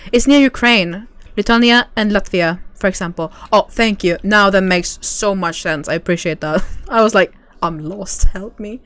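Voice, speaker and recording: A woman's voice: mid-range voice, fairly bright tone, no echo. A young woman chatting casually with viewers while streaming a game, bubbly and giggly. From Sweden. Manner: bubbly, giggly, reads chat aloud. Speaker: livestream gamer. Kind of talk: casual livestream chat with viewers.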